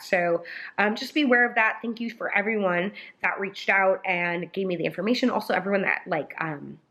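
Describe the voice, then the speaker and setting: A woman's voice: lowish voice, fairly bright tone. A young woman vlogger talking to camera in a casual, emotional way, rambling with many fillers, indoors by a sunny window. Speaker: lifestyle vlogger and influencer. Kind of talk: casual apology vlog to camera.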